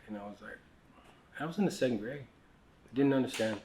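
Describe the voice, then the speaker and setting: A man's voice: lowish voice, normal speed, long pauses, darkish tone, a little hiss or hum. A middle-aged man from the United States tells personal stories in a loose, conversational way. He restarts sentences often and drops his voice for asides, sounding candid and unrehearsed. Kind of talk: casual storytelling conversation.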